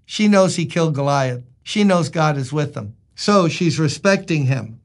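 A man's voice: a little high, animated, normal speed. A male pastor preaching a sermon in an emphatic, conversational way, asking his listeners rhetorical questions.

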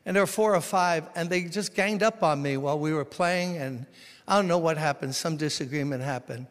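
A man from Brooklyn, preaching a sermon as pastor, swinging between loud exhortation and quiet storytelling. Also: a little high, fairly quick. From Brooklyn, New York. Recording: long reverb of a large hall.

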